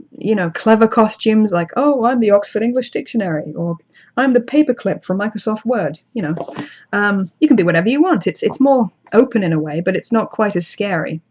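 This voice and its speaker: A young woman hosting a casual livestream, reading and answering chat in a chatty, self-deprecating way with frequent restarts. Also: medium pitch. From outside the United States. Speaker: channel host reading live chat.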